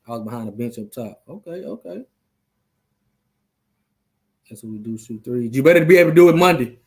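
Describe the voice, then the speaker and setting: Male host, casual rambling trash talk on a live stream, middle pitch. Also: animated, racing, darkish tone. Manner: loose, rambling, trash-talking. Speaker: podcast host.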